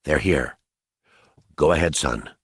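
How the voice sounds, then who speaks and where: Mace Windu, a man doing a hushed stern warrior. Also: husky, dry recording, studio quality, heavily acted. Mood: calm. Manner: quiet, low and measured. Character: grim stoic male warrior monk, adult.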